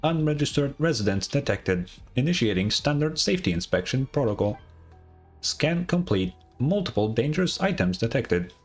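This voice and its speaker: A man voicing a gentle female announcement system in a game fan dub, speaking in a measured, polite manner. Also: mid-range voice, sing-song, faint music behind. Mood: calm.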